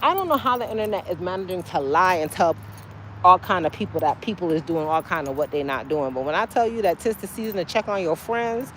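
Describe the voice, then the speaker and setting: Casual woman streamer with a low-set voice, talking to her chat by a road with light street noise. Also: lively intonation, fairly quick. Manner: chatty, talks straight to her chat with sudden high exclamations. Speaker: livestream host. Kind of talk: casual livestream chat to viewers. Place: outdoors by a street, waiting for a ride.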